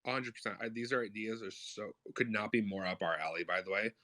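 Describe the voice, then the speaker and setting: A man hosting a casual audio chat, talking fast and loose with swearing and lots of fillers. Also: dry recording. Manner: fast, profane, energetic pitch talk. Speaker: host of a crypto media brand. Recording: audio stream.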